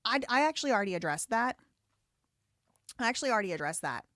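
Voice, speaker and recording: A woman's voice: sing-song, quick pace, no echo, studio quality. A woman from the Southern US hosting a live stream, reading super chats and giving blunt, outspoken commentary. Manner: blunt, outspoken, rising loud and high when heated. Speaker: livestream host.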